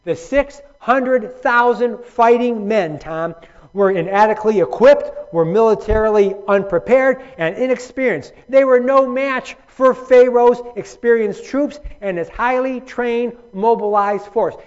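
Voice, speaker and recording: A man's voice: very high voice, unhurried. A man teaching a Bible study, reading scripture aloud and speaking emphatically to his listeners by name. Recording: dull lo-fi recording.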